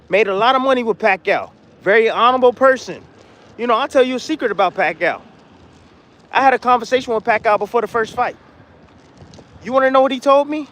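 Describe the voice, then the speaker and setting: Blunt high-voiced man sounding off. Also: a bit bright. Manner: blunt, repetitive, trash-talking. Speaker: former boxer giving opinions. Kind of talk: casual opinion monologue.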